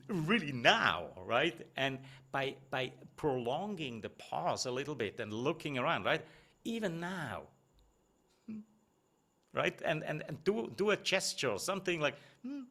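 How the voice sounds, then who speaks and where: A middle-aged man gives a presentation coach's feedback in an easy, conversational way. He keeps checking in with tag questions, restarts his phrases and stresses the words that matter, with a voice of ordinary pitch for a man. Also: pushed and bright.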